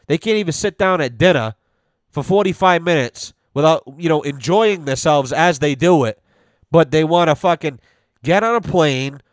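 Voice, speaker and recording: A man with a slightly high voice rants bluntly and sarcastically as a podcast host, swearing constantly in a casual, profane tirade. The sound is clean studio audio with no echo.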